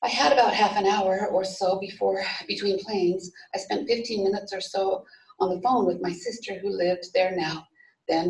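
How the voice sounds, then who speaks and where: A woman reading a story aloud at a memorial service, in a steady storytelling manner with small restarts. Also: medium pitch. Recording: echoey room, voice from far off.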